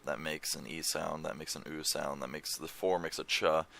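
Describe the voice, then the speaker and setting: Young man, very low voice, gravelly fry, bright edge, rambling casual talk, swears offhand. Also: flat delivery, moderate pace, no echo. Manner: rambling, swears casually, reads foreign lyrics aloud. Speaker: language-learning vlogger. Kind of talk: casual screen-share chat. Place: home room.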